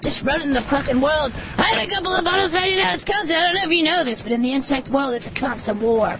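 Unhinged male scorpion caller with a very high voice, manic and profane, heard over a noisy line. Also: expressive, fast talker, heavily acted. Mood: gravelly boasting. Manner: profane, manic, shouting, stammering. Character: deranged male scorpion, unhinged war-veteran ranting.

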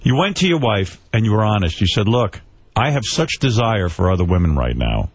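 A man's voice: on the low side, very animated, brisk. A man hosting a radio talk show, asking blunt, probing questions in casual studio chat.

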